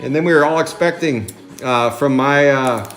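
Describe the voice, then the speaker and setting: A man hosting a live trading card break, chatting excitably and calling out card names. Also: mid-range voice, moderate pace, faint music behind.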